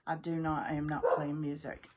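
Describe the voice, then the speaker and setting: A woman's voice: sits low, completely flat delivery, brisk, very noisy. Chatty middle-aged woman demoing crafts. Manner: chatty, folksy, thinks aloud while working; greets viewers by name. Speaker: craft demonstrator. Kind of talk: casual live crafting demo.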